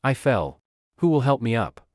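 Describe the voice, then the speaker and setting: A man's voice: medium pitch, sing-song, moderate pace, no echo, studio quality, natural voice. A man voicing a sly young lord who pretends to be blind, pleading in a wheedling, mock-pitiful way.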